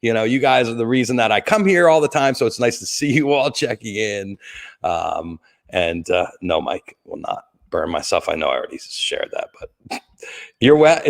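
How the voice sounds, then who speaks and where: A middle-aged man hosting a casual livestream from home beside a Christmas tree, rambling and joking, greeting viewers by name and coughing now and then. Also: on the low side. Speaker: livestream host.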